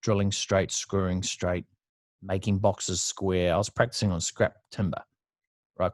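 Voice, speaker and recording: Blunt, profane Australian man, lowish voice. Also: darkish tone, no echo. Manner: blunt and profane, laughs often. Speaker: podcast guest. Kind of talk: casual storytelling interview.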